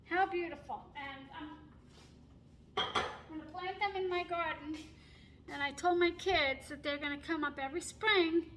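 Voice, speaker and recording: A middle-aged woman with a high, light voice talks her way through a recipe in her home kitchen, chatty and quick to laugh, with little apologetic asides. She films on a phone she keeps turning around. A pet bird chirps faintly behind her. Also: a bit bright, a little hiss or hum, rough recording. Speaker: home cooking host. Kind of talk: casual cooking vlog chat. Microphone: phone camera held and turned while cooking.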